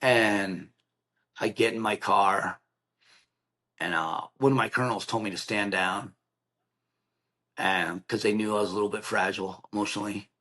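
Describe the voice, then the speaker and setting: A middle-aged man with a somewhat low voice recounts a painful memory as a podcast guest. He talks in an earnest, plainspoken way and slips into the voices of the people he quotes. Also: steady tone, normal speed, pauses often, pushed and bright. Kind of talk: emotional personal storytelling.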